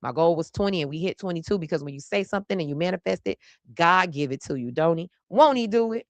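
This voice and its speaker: A woman's voice: deep voice, fast talker, no room sound. A woman hosting a live stream, chatting playfully and saying y'all constantly. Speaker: host of a live stream show. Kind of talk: casual live stream chat.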